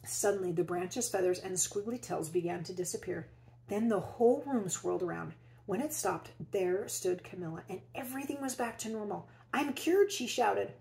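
A woman teacher reading a children's picture book aloud, expressively, and pausing to ask her young listeners questions. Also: fairly low pitch, gravelly, warm tone, rough recording. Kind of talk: children's read-aloud storytelling.

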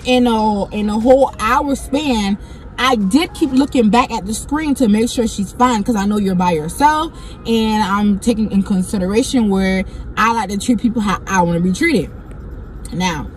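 A young woman vlogger telling a story in a blunt, profane and animated way, often going off on tangents. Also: a little high. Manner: blunt, profane and animated, keeps getting sidetracked. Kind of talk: casual storytime monologue.

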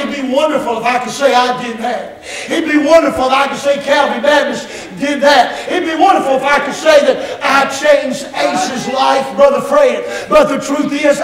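A man delivers a fiery sermon in a very high, strained voice, shouting his points and asking the congregation rhetorical questions. He is picked up from a distance in an echoey church sanctuary. A congregation murmurs clearly behind him. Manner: impassioned, shouting revival-style preaching. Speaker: pastor.

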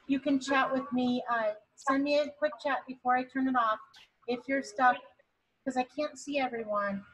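A woman's voice: high-pitched, steady tone, moderate pace, a bit bright, slight background noise, rough recording. A woman teaching an online painting class on a video call, chatty and encouraging. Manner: chatty, encouraging, bubbly when praising. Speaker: painting instructor.

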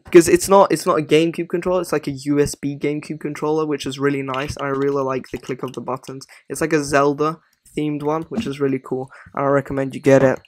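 A man's voice: a little high, flat delivery, fast talker. A man giving casual, rambling commentary on a gaming ranking, often apologizing as he goes. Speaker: gaming video creator.

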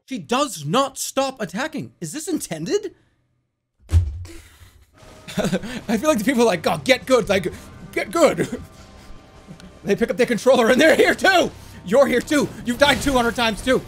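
Exasperated, high-pitched ranting gamer man. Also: measured pace, long pauses. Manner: exasperated, swearing, animated ranting. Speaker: streamer. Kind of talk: live gaming commentary. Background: faint game music.

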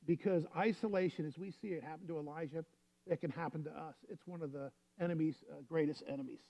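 Male pastor, fairly high voice, easygoing storytelling sermon, dull lo-fi recording. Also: fairly even intonation, fast talker, gravelly, dark tone. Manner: storytelling, conversational preaching.

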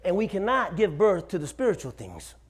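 A pastor in his forties preaches a sermon in a church sanctuary with a high, lively voice that climbs and drops all over the place, brisk and with a breathy edge. He tells humorous stories and checks in with the room, asking "Amen?" as he goes.

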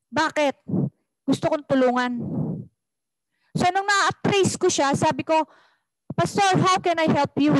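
A woman's voice: sits high, dry recording, low-quality recording. A woman pastor with a Filipino accent preaching a sermon, switching between English and Tagalog and asking the congregation rhetorical questions.

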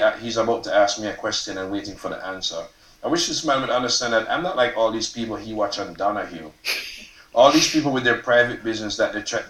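A man with a lowish voice reads his own novel to a live audience, lively and loose, not shy about the swearing. He sounds roomy and set back from the mic, as if in a hall. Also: distant mic. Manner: expressive, casual, swears and laughs at his own text. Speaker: author reading his novel. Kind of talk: reading aloud at a live event. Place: event stage before an audience.

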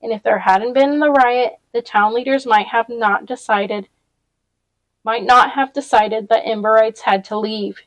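A woman reading a novel aloud in a relaxed read-along style, with small restarts as she goes. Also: fairly high pitch, measured pace, no echo, rough recording.

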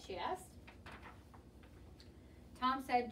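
Woman reader, lively storybook read-aloud, fairly high voice, swings up and down a lot; mic set back, faint room ambience. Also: measured pace, long pauses, recorded from a distance, slight background noise, poor audio. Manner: lively, expressive reading. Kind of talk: children's picture book read-aloud.

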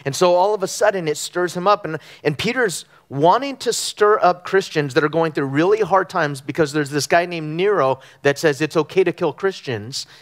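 A middle-aged man from Southern California preaching a conversational sermon, telling animated stories with frequent ums and restarts. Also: on the high side, moderate pace, hardly any pauses. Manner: animated storytelling with frequent fillers. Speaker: pastor. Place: church sanctuary.

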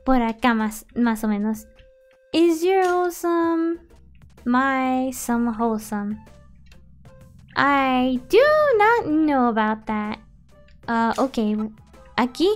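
High-voiced bilingual woman gaming streamer. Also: slow pace, pauses often. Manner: chatty, switches between English and Spanish, excitable outbursts. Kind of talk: casual gaming stream chat. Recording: faint background music.

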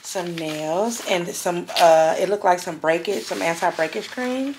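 A woman's voice: lowish voice, measured pace. A woman vlogging in a casual, emotional way, often repeating her own phrases. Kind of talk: casual vlog talk. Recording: noticeable background noise.

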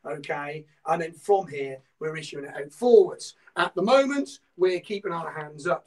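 A man with a Norfolk English accent from England teaches an online martial arts class, explaining punch technique step by step and regularly checking in with "okay?" while shouting counts during drills. His voice sits high, and the audio is poor, recorded from a distance.

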